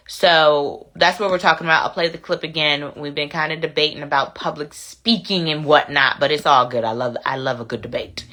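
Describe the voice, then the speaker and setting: A woman's voice: deep voice, fairly even intonation, normal speed, few pauses, pushed and bright. A woman hosting a casual commentary show, reading viewer comments and repeating phrases to drive her points home. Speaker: commentary channel host.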